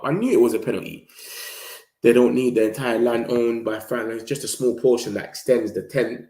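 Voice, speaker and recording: A man's voice: medium pitch, a little fast, dark tone, roomy sound. A young man, chatting casually and rambling about football on a live stream. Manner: rambling, slangy, reacts to the match. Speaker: football vlogger.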